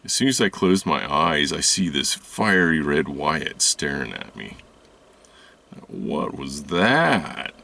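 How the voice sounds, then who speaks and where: Man, very low gravelly voice, rambling personal storytelling host, recorded from a distance. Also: sing-song, sharp tone. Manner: halting, rambling, many restarts and fillers. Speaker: spiritual video host. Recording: voice distant from the mic.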